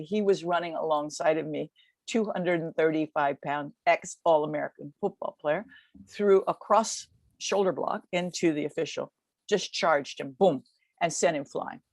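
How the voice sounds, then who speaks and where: A woman in her seventies, a podcast guest, retelling a past event in vivid, lively storytelling with quick restarts. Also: low voice, no echo. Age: 70s. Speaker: guest recounting a race.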